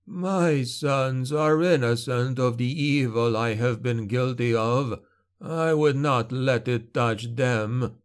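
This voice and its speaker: A man voicing a wasted old male patriarch in an audiobook, with a dry rasp and slow pleading speech. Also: medium pitch, close to an everyday voice. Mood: imploring.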